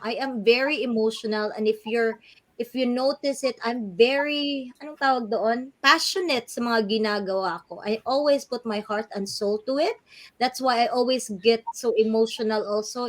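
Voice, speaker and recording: High-voiced animated woman. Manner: animated, switching between English and Tagalog. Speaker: guest coach. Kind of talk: live online interview chat.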